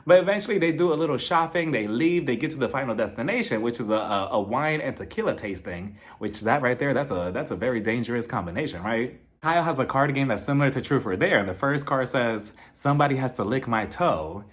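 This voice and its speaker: A man's voice: medium pitch, animated, fast talker. A man recapping a reality TV episode with sarcastic, dramatic asides. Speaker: TV recap host.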